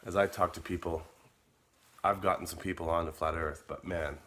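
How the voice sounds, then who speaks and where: Low-voiced man telling a rambling story. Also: fairly even intonation, normal speed, a bit bright. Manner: rambling, repeats words, quotes his own messages. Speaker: vlogger. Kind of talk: casual storytelling monologue.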